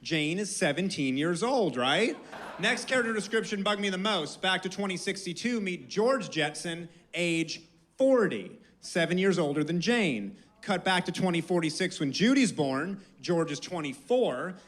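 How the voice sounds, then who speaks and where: A man's voice: high-pitched, very animated, moderate pace, a bit bright. A male stand-up comedian building a joke step by step with a wry tone. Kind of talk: stand-up routine.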